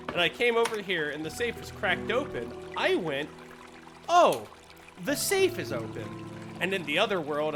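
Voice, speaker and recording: A man streaming a horror game with friends, rambling and cursing as he talks. His pitch leaps all over the place while his pace stays slow and drawn out. Loud music plays behind his voice. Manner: rambling, swearing, laughing a lot. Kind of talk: casual let's-play chat.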